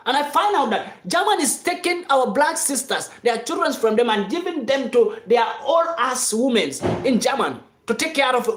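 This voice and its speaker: Speaking to followers on a live stream, a commentator delivers a passionate, improvised monologue. The voice sits high and sounds reverberant, growing fiery and insistent, repeating phrases and sometimes rising to shouts.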